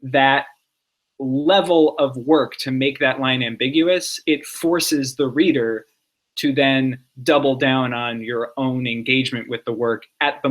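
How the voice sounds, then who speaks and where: A man's voice: mid-range voice, fairly bright tone. A man co-hosting a casual poetry podcast, talking through a poem in a thoughtful, analytical way. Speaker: podcast co-host.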